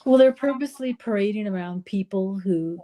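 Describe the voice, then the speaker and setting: Dry-spoken woman with a mellow voice. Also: medium pitch, fairly quick. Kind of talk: casual podcast chat.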